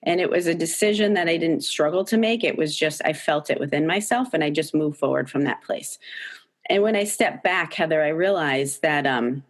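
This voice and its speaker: A woman's voice: sits low, moderate pace. A middle-aged woman talking candidly as an interview guest, emphatic and swearing freely, her voice jumping up when she quotes her own thoughts. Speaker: podcast guest, author.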